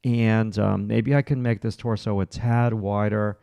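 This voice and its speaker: Male drawing instructor, livestream, running commentary, clean resonant voice with some fry, dry close mic. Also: fairly low pitch, steady tone, a little slow, warm tone, no room sound. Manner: talks through each stroke in short, encouraging bursts. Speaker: art instructor. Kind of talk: livestream drawing lesson, thinking aloud while sketching.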